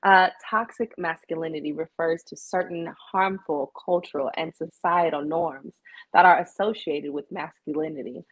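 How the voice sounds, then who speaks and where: Husky-voiced playful female co-host. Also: low voice, no echo, low-quality recording. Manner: playful, brief affirmations, joking. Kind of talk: casual discussion.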